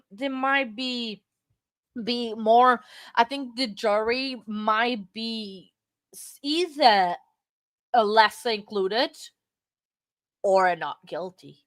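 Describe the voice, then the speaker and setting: A woman hosting a livestream, talking in a rambling, halting way while she has the hiccups. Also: fairly high pitch, no room sound. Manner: rambling, self-interrupting, halting. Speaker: livestream host. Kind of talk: casual livestream chat. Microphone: desk microphone.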